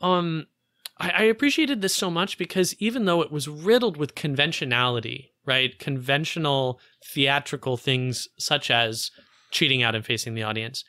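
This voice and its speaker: A man's voice: on the high side, moderate pace, sharp tone, no room sound, studio quality. A man co-hosting a podcast, talking about a film in a casual, enthusiastic way with many "like" fillers. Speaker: podcast co-host.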